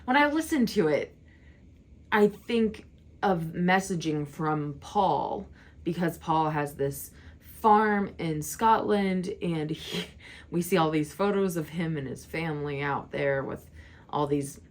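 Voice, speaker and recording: A woman's voice: low-pitched, lively intonation, slow. A young woman chatting casually while reacting to an album, giggly and teary. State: tearful. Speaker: music reaction vlogger. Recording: music playing loudly behind. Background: music.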